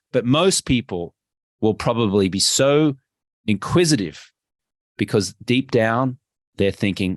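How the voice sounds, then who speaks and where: A man's voice: medium pitch, unhurried, no room sound, studio quality. A man with an Australian accent, a podcast guest and health coach, talking emphatically and acting out little dialogues. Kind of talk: energetic interview talk.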